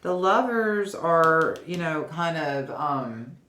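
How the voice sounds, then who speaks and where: A woman's voice: deep voice, expressive, takes it slowly, pushed and bright. A woman giving a casual tarot reading to her viewers, chatty and often checking in with "okay?". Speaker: tarot reader. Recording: roomy echo, faint noise.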